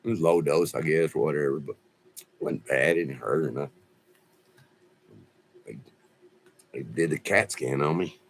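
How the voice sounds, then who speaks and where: A man's voice: extremely low pitch, normal speed, creaky, long pauses, slight background noise. A man telling a rambling, folksy story on a casual livestream, laughing often. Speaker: livestream host. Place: off-grid home.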